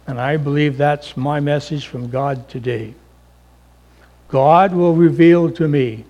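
A man pastor preaching a sermon, swinging between loud emphasis and hushed, near-whispered lines. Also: fairly high pitch, slow.

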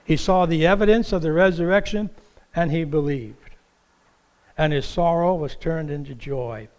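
A man's voice: a little high, moderate pace, in a large hall. A man preaching an Easter sermon from a church stage, telling stories animatedly and acting out the voices in the quotes he tells. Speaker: pastor. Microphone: stage microphone with monitor.

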